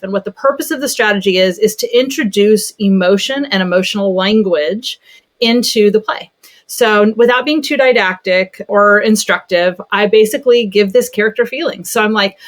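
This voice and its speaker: Brief: woman therapist guest, lively storyteller, average pitch. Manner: animated storyteller, acts out voices. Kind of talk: casual conversation.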